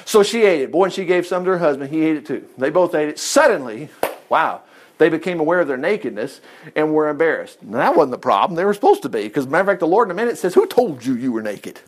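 Animated, high-voiced man teaching. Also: quick pace. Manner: folksy, animated, chuckles often. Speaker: Bible teacher. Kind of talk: informal Bible study teaching.

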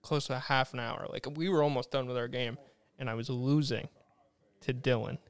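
A man's voice: medium pitch, a little fast, clean tone. A young man telling his side of a story in casual chat, swearing freely and acting out what he said. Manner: profane, animated, acts out quotes.

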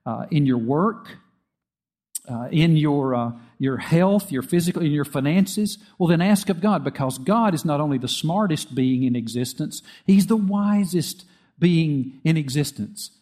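A man's voice: on the high side, lively intonation, a little slow, darkish tone. A man preaching a sermon earnestly, often repeating phrases and restarting with small fillers. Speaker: pastor.

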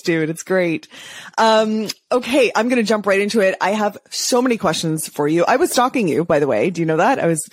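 A woman's voice: medium pitch, no room sound. A woman hosting a podcast interview, enthusiastic and chatty. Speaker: podcast host.

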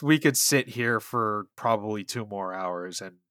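A man's voice: fairly low pitch, a little slow, a bit bright, no echo, clean studio sound. A man co-hosting a podcast in easygoing casual chat, swearing offhandedly. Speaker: podcast co-host.

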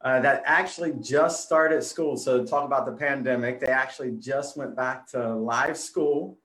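A man's voice: mid-range voice, a little slow, a bit bright, echoey room. A man in his forties, a kids pastor, chatting easily as a guest in an interview, with frequent fillers. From Phoenix, Arizona. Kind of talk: casual interview.

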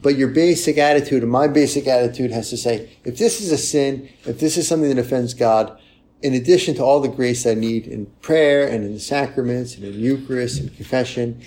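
A man preaching a sermon in a conversational way, often checking in with "right?" and acting out confessions in a softer voice. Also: medium pitch, a little fast.

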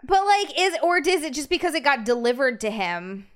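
A woman's voice: high-pitched, very animated, normal speed, a bit bright. A young woman co-hosting a casual podcast, telling a story with frequent laughs and casual swearing. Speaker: podcast co-host. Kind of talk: casual chat.

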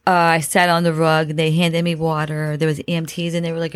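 A woman's voice: sits low, monotone, fairly quick, few pauses, dry recording. A woman host telling a dramatic personal story, repeating phrases and using many fillers. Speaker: podcast host.

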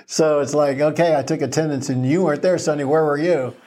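A pastor talking earnestly in a casual faith chat, telling stories and chuckling softly now and then. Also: male voice, on the high side, steady tone, a little fast. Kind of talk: conversational faith talk.

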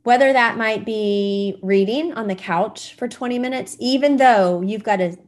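A woman's voice: fairly high pitch, unhurried, a little mellow. A woman hosting her own podcast, talking to parents in a chatty, reassuring way with plenty of fillers. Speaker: podcast host. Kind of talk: casual solo podcast talk.

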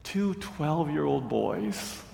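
A man preaching a sermon, retelling a story in an earnest, measured way. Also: fairly high pitch, lively intonation, gravelly, warm tone, echoey room, big-room sound. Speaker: pastor.

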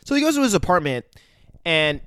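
A man co-hosting a podcast, chatting casually and retelling a movie scene by scene. His pitch swings widely as he acts out the characters, with sudden loud bursts and plenty of swearing. The sound is dry and close to the mic. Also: sing-song, a little fast, no echo. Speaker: podcast co-host.

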